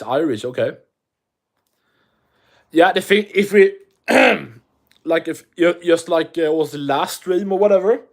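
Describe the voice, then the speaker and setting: Swedish man streaming, slow and unhurried. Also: on the high side. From Sweden. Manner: profane and joking, reads chat aloud. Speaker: MMA livestreamer. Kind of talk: casual livestream chat.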